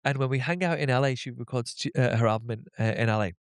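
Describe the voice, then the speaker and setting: A British man chatting casually as a podcast guest, gossipy and quick to laugh at himself. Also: mid-range voice, clear, resonant tone, no echo, studio quality. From Britain. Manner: chatty, gossipy, self-deprecating. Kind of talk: casual chat.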